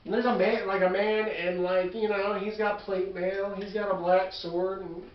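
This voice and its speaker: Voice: medium pitch, level tone, normal speed. A game master narrates a tabletop session off the cuff and rambles with filler words. The voice sounds far from the mic in a very echoey room. The recording is dull, with faint noise. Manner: rambling improvised narration full of "like".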